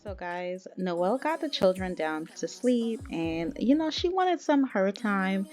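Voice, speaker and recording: A woman's voice: mid-range voice, big pitch swings, measured pace, darkish tone. A woman narrating a life-sim game in a casual, chatty way, giggling as she gossips about her characters, with faint music behind. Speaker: gaming video creator. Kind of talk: casual gameplay storytelling.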